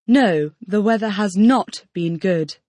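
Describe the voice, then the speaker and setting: A woman answers each question in a scripted language drill with a careful, complete sentence. Her voice sits at an ordinary middle pitch. The sound is close and dry. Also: slow, a little mellow, dry recording.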